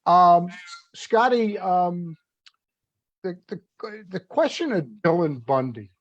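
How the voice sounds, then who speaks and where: A man's voice: high voice, very animated, slow pace, no room sound. A man hosting a sports talk interview, asking long, rambling questions with fillers. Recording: dull, dry audio.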